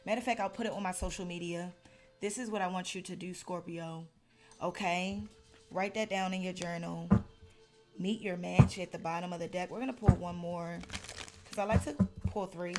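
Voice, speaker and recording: A woman's voice: on the low side, steady tone, normal speed, music in the background. A woman giving a casual tarot reading to camera, earnest and at times heated and emphatic. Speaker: tarot reader.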